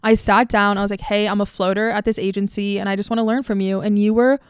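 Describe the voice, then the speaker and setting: A woman's voice: mid-range voice, fairly even intonation, fast, clear, resonant tone, no echo, studio quality. A young woman in her twenties hosting a podcast, gushing and emotional in casual chat, swearing freely. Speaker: podcast host.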